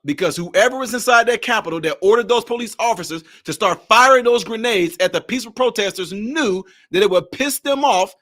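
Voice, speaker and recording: Sarcastic high-voiced man reacting to videos. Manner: animated, sarcastic, repeats himself. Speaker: political commentary host. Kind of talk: casual reaction commentary.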